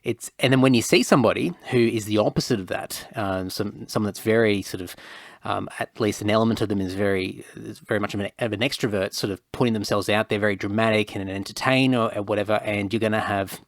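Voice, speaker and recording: A fairly low-voiced man hosts a podcast, musing reflectively and rambling a little, his sentences full of "sort of" fillers. The recording is very dry and close, with no room sound. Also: steady tone, fast, no room sound. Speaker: podcast host. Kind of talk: conversational podcast interview.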